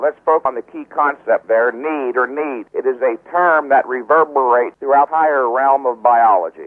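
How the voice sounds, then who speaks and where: Emphatic man lecturing on a tinny phone line. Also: mid-range voice. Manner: emphatic, didactic, repeats key words for stress; blunt, teasing. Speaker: bodybuilding trainer, radio guest. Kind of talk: radio interview, lecturing explanation. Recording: tinny, dry phone-line radio audio.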